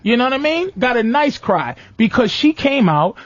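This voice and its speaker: A man's voice: very high voice, normal speed, no echo, lo-fi sound. A man hosting a comedic radio talk show, telling stories and acting out voices of others. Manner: animated storytelling, acts out voices. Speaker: host.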